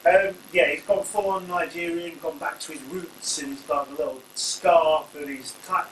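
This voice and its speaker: Speaking at a moderate pace with fairly even intonation, a wrestling reviewer with a high-ish voice hosts a loose, wandering review full of playful asides. A faint hum, an echoey room and a far-off mic color the recording.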